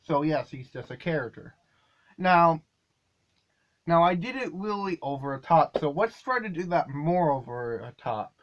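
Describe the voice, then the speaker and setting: A man's voice: a little high, expressive, measured pace, dull audio. A man casually explaining how he makes his comedy videos, rambling a little and correcting himself as he goes. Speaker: video creator. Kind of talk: casual behind-the-scenes explanation.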